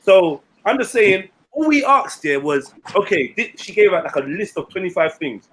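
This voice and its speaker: A man's voice: sits high, expressive, normal speed, fairly bright tone, slightly rough. A man, telling a story in casual, blunt, slangy podcast chat. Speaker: podcast co-host.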